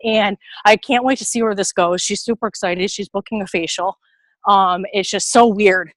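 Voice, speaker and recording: A woman on a video call from her garden, out of breath from carrying heavy bags, telling an animated story and acting out what people said. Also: mid-range voice, normal speed, no echo, poor audio. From New York area. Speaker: team member sharing a story. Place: outdoors in a garden.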